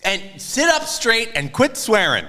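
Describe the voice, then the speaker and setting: A man puts on a scolding mother's voice, pitched far above his own. It comes out shrill and nagging, the voice of a strict, fussy mom. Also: wildly swooping pitch, unhurried, sharp tone, in a large hall, full character voice.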